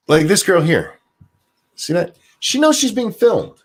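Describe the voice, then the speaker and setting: A man hosts a casual livestream in a husky, slightly slow voice, reading viewer comments with sarcastic asides. He's animated, and his pitch jumps high when he jokes.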